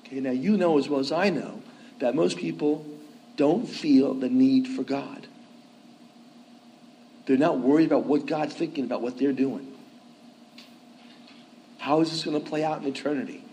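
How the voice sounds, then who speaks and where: A priest preaching to his congregation in a relaxed, conversational way, checking in again and again with "okay?" and "right?". His voice sits at an ordinary middle pitch for a man. Faint noise hums under the recording. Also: normal speed, long pauses, low-quality recording. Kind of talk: sermon.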